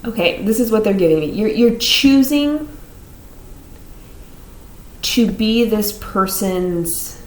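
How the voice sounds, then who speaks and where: A woman's voice: mid-range voice, animated, takes it slowly, long pauses, roomy sound, low-quality recording. A woman giving a casual tarot reading to her viewers, rambling with many fillers and restarts. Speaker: tarot reader.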